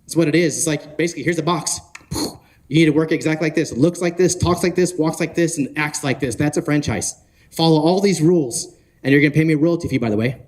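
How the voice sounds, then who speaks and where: A man giving an energetic talk at a conference, often asking the audience questions and joking with them. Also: fairly high pitch, fast. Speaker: conference speaker. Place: conference hall.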